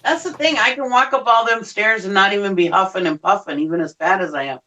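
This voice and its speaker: A woman's voice: medium pitch, fast talker, sharp tone. A woman telling rambling everyday stories in casual chat, laughing often and swearing mildly.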